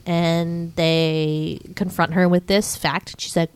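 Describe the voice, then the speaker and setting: A young woman co-hosting a podcast, casually recapping a film, cursing freely and acting out the characters in quick quotes. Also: fairly low pitch, flat delivery, smooth, no echo. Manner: chatty, swears freely, acts out characters in quotes, laughs often. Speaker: podcast co-host.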